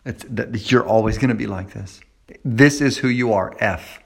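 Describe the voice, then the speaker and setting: A man voicing Satan as a sly male tempter, speaking low and hushed. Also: normal speed, gravelly. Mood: taunting.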